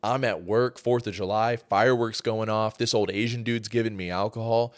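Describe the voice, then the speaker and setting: A young man from Georgia co-hosting a podcast, telling animated, profane stories in casual chat and acting out what people said. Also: fairly low pitch, moderate pace, smooth, no room sound. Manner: animated, profane, acts out quoted voices. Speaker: podcast co-host.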